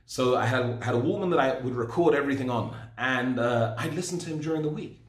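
A man's voice: mid-range voice, brisk. A man in his forties giving a personal testimony in a storytelling, self-deprecating way. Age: 40s. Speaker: speaker sharing his story. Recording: roomy echo.

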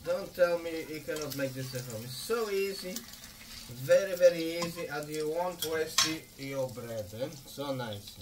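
A home cook from Madeira, Portugal hosts a cooking video from his own kitchen, walking viewers through each step in a fairly high, slightly slow voice. He is friendly and tags his sentences with "eh?". The mic is distant, with faint room noise.

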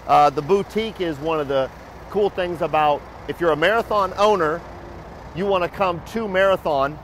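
A man's voice: on the high side, moderate pace, slight background noise. A man hosting a company video show, giving a casual walking tour and joking as he goes, first outside a building and then inside a lobby and shop. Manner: upbeat, joking, loud and lively.

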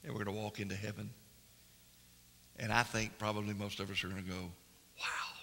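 A man preaching in a church sanctuary, his voice very bright and ringing with a long hall reverb. He swings between hushed, slow emphasis and loud, animated storytelling. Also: lowish voice, gravelly. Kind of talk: sermon.

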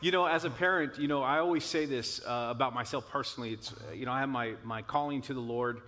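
Pastor dad talking, lots of "you know", middle-pitch voice, long reverb in the room. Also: male voice, fast talker. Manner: warm-hearted, many fillers like "you know". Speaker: pastor, parent. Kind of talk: church video conversation.

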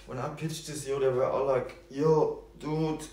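A man's voice: mid-range voice, little pitch movement, a little fast, a little mellow. A young man rambling casually in a profane, slangy way as a vlogger. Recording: echoey room with faint noise.

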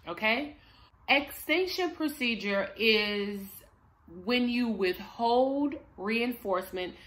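A woman's voice: mid-range voice, fairly bright tone. A woman explaining parenting techniques, speaking emphatically and addressing moms directly. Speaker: parenting coach and behavior analyst. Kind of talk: instructional parenting vlog.

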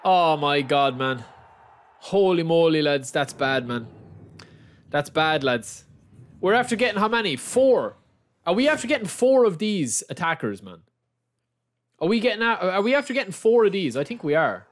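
Animated Irish man streaming pack openings. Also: on the high side, normal speed, pauses often. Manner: repeats his exclamations, calls the audience lads. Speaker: game streamer.

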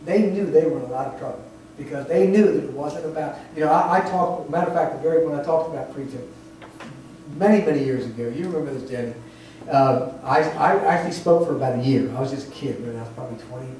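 Preaching in a church sanctuary, this man talks fast with a fairly high, dark-toned voice. His sermon unfolds as conversational storytelling full of laughs and restarts, recorded on a distant mic in an echoey hall with a little noise.

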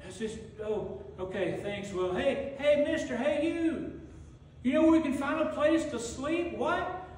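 A man's voice: very high voice, measured pace, a little mellow, pitched above the performer's own voice. A man voicing Joseph as a frantic young husband, stammering and pleading as he leads a donkey through a crowd. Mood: hurried, pleading. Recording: echoey hall from far off.

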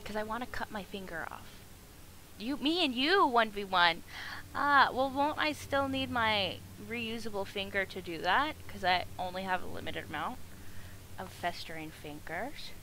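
A woman streaming a video game, chatting and joking excitedly with her viewers. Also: mid-range voice, moderate pace, slight background noise, rough recording. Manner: excitable, jokey, chatty with chat. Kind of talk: casual gameplay commentary.

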